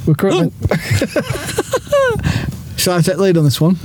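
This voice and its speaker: Laughing man, lively voice. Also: high-pitched, takes it slowly, noisy background. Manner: laughing, teasing, excitable. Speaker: podcast co-host. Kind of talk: casual chat with a friend. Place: outdoors near a football ground, by a car.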